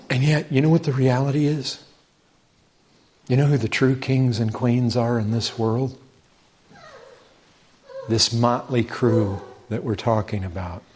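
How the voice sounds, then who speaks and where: A male preacher delivering a sermon with a lively, swinging delivery. He fires rhetorical questions at his listeners, voice climbing on emphasis and sinking quietly on solemn words. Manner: animated, rhetorical questions, pitch rising with emphasis.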